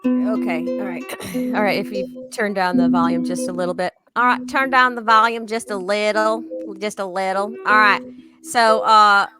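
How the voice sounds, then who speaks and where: A woman's voice: mid-range voice, fairly even intonation, moderate pace. A woman co-hosting a podcast in casual chat, easygoing and good-humored. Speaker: podcast co-host. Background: ukulele music.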